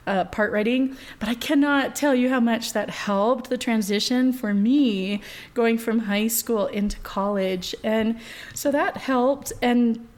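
A woman's voice: a little high, slow. Chatty woman voice teacher, laughs easily. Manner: chatty, laughs often, many fillers. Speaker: voice professor, guest. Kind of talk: conversational interview.

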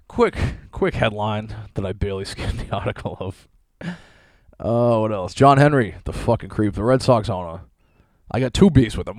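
Young guy ranting on his show, swears a lot, laughs, lowish voice, dry close mic. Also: a little mellow, dry recording. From Boston area, USA. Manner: loose, rambling, laughing, heavy swearing. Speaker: comedian podcast host. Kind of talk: profane comedic rant.

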